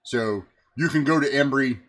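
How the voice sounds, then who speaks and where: A man's voice: medium pitch, moderate pace, a bit bright. Brief: laid-back man running a tabletop game, chatty and loose. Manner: casual, laughing, loose. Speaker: game master.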